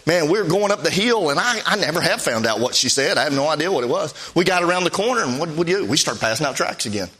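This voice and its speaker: A man preaching a sermon in a conversational, storytelling way, his pitch swinging up and down as he recounts events. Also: lively intonation, quick pace, hardly any pauses, a bit bright, slightly rough. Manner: conversational, pitch swings up and down while telling stories.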